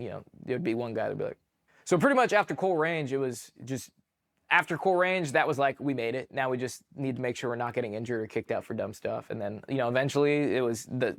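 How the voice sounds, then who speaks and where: A young man from California tells stories casually as an interview guest. His pitch sits in the middle, and his speech rambles along with many "like"s. Now and then he leaps up to act out a shouted order. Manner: animated, acts out shouted quotes, many fillers. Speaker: podcast guest, army veteran.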